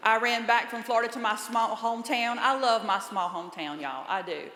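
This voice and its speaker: A woman's voice: on the high side, a little fast, fairly bright tone, a little hiss or hum. A woman in her thirties from North Carolina with a Southern accent, doing a playful, self-mocking stand-up comedy set. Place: comedy club stage. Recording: roomy club with long reverb.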